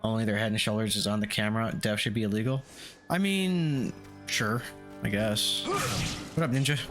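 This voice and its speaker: A man's voice: lowish voice, moderate pace, a bit bright, faint music behind. Swearing man chatting while gaming. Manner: profane, rambling, joking with chat. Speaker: game streamer. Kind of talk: casual live-stream chat while gaming.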